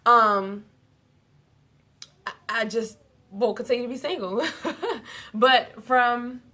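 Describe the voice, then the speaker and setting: A young woman telling a story to the camera in a casual vlog, animated and profane, laughing often. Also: mid-range voice. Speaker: vlogger.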